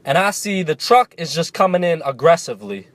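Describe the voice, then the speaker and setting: A male vlogger telling a story to camera in a casual, animated, jokey way, cursing freely. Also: fairly high pitch, fairly quick, no room sound.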